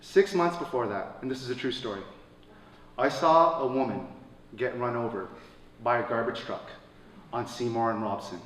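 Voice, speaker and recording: A man telling a personal story at a live show, swinging between loud excited bursts and quiet somber lines. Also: mid-range voice. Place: stage at a live radio show. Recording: echoey stage from a distance, faint room noise.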